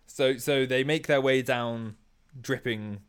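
A man's voice: mid-range voice, slow, a little hiss or hum. A man co-improvising a comic story, chiming in and riffing on his partner's lines.

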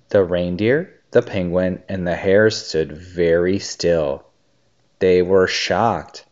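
A man reading a children's story aloud and chatting with his child, a gentle, animated storyteller. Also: low voice, slow pace. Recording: dull lo-fi recording.

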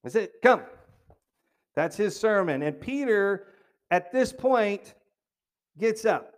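A man with a fairly high voice delivers a sermon. He keeps it conversational, breaking off for jokey side notes and asking the congregation questions. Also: animated, slow. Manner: jokey asides, restarts phrases. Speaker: preacher.

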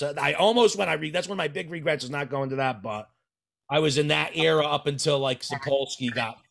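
A man's voice: on the high side, vocal fry, a bit bright. A man in casual podcast chat as a wrestling manager, brash and boastful, trash-talking people.

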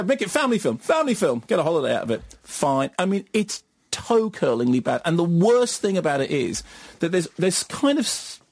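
Husky, lively British film critic. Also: male voice, fairly high pitch, no echo, studio quality. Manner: animated, mocking impressions, quick asides. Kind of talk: radio film review banter.

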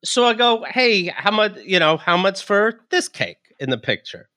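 A man's voice: sits high, a little slow, no room sound, studio quality. A man, a podcast co-host, telling a comedic story, laughing often and acting out the other people's lines. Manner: animated, laughs often, acts out dialogue.

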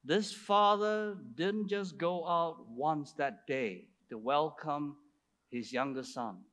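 A man's voice: on the high side, takes it slowly, fairly bright tone. A man preaching a sermon, retelling a story with emphatic rhetorical asides to his congregation.

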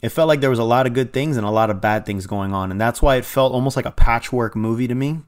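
A man's voice: mid-range voice, fast. Easygoing male movie-review co-host. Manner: easygoing, rambling opinions. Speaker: podcast co-host. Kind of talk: casual movie review chat.

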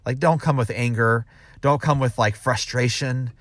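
A man's voice: medium pitch, moderate pace, no room sound, clean studio sound. A man giving casual advice as a sales manager, rambling with restarts and acting out quoted dialogue.

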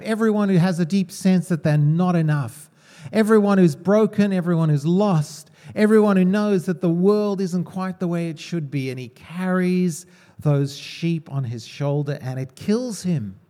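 Male preacher, high voice, conversational, quizzes the room. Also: measured pace, warm tone. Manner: conversational, asks the congregation questions. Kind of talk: sermon.

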